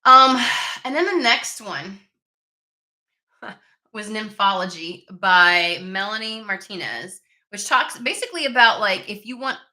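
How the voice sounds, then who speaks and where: Bright-voiced woman, casual and profane. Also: medium pitch, animated, a little slow. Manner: profane, irritated, rambling. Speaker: tarot reader channel host. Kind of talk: casual chat to camera. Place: home room with desk and window. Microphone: camera mic.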